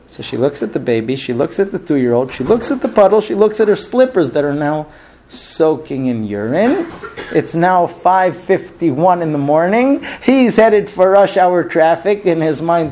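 A man with a fairly high voice tells a story with lively, expressive delivery. His voice swings up and down as he acts out the scenes and sound effects. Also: moderate pace. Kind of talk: animated storytelling.

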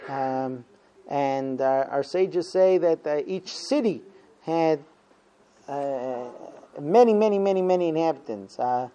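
A man with a fairly high but mellow voice tells a story to his class. He acts out the quotes with energy and pauses often on fillers. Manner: animated storyteller, acting out quotes, many fillers. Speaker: teacher of a Talmud class. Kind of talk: storytelling lesson.

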